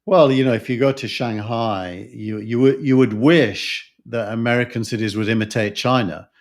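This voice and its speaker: A man's voice: medium pitch, steady tone, normal speed. A man with a Yorkshire accent, co-hosting a podcast discussion, talking thoughtfully with many fillers and restarts. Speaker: podcast co-host. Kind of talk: casual discussion.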